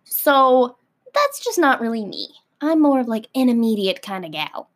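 An American woman with a slightly high voice talks in a loose, rambling vlog rant, leaning on "like" at every turn. She is blunt and sassy and swears without a second thought. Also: big pitch swings, normal speed. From United States. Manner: filler-heavy, frequent "like". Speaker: vlogger. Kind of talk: casual ranting monologue.

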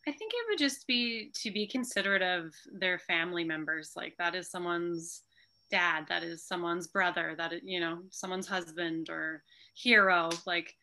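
Woman, podcast guest, casual chat, earnest, heartfelt, says "like" a lot, bright tone. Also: lowish voice, normal speed.

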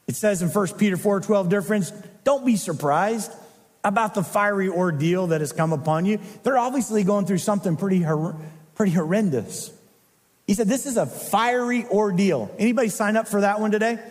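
A man preaching as a pastor, dramatic, swinging from loud emphasis to hushed intensity. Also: high voice, in a large hall. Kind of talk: sermon. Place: church.

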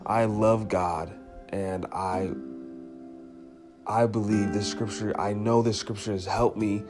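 Guy doing a heartfelt faith podcast, repeats himself for emphasis, quiet guitar in the back. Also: lowish voice. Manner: earnest and emotional, repeating phrases for emphasis. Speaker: podcast host. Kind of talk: devotional podcast talk.

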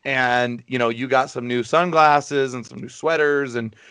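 A man's voice: mid-range voice, steady tone, unhurried, fairly bright tone, smooth, no echo. Brash, profane man with a dry sound. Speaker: podcast host. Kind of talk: casual banter.

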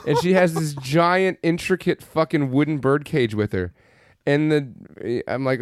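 A man with a voice on the high side talks at a measured pace, captured dry and at studio quality. As a podcast co-host, he casually runs through a movie with sarcasm and profane humor, quoting lines in a mocking tone.

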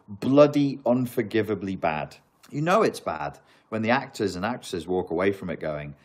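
A man with a fairly low voice, talking casually to his livestream audience. He answers chat questions and slides into animated rants, hammering the same words over and over. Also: normal speed. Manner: animated ranting with emphatic repeats.

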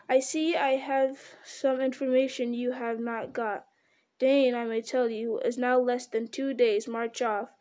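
Casting: woman doing a small, prim male hobbit from a storybook, businesslike and polite, mellow tone. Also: fairly high pitch, natural voice.

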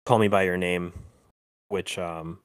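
The deep, clear and resonant voice of a male podcast co-host carries fairly even intonation. Chatting casually, he stumbles along with many fillers, restarts and small laughs.

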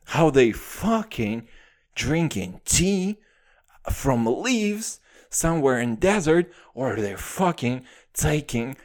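Slow and on the high side, the voice of this Russian-native podcast host swings up and down a lot as he delivers a profane, animated comic rant packed with "dude."

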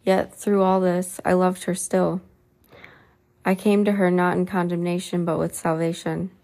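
A woman reading the lines of Jesus as a gentle, solemn man in a storybook reading. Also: lowish voice, level tone. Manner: slow, soft and solemn.

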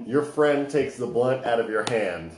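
A man hosting a casual game of accents, animated and swearing, urging his friends on. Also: medium pitch, measured pace. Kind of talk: casual chat, game host. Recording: echoey room with background noise.

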